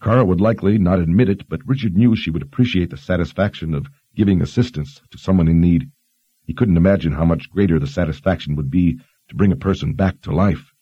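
A man narrating an audiobook in a steady, even reading style on dull lo-fi audio. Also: deep voice, quick pace, breathy edge, no room sound. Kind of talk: scripted narration.

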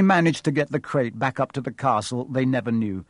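A man narrates a storybook in a measured, expressive way. His pitch sits in the middle range, and the recording is dry and close with no room around it. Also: no echo. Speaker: audiobook narrator.

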